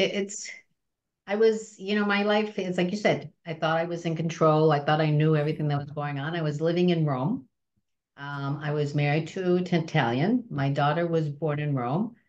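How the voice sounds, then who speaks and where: A woman guest on an interview podcast, telling personal stories in a lively way and acting out the voices of the people in them, with frequent restarts. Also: low-pitched, highs cut off. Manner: animated, acts out voices in anecdotes, many restarts. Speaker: film company president, guest. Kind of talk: conversational storytelling.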